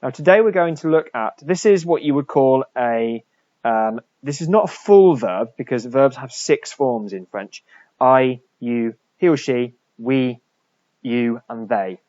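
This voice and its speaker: A man, a French teacher, talking through a recorded lesson for pupils and slowly repeating French words for them to copy. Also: medium pitch, lively intonation, a little mellow, no echo, lo-fi sound.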